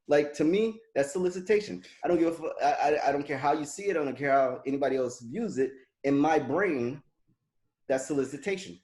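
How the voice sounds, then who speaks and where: Animated storytelling man in echoey room. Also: a little high, fairly quick. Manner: animated, laughing, acts out quoted dialogue. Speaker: podcast co-host. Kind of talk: casual storytelling chat.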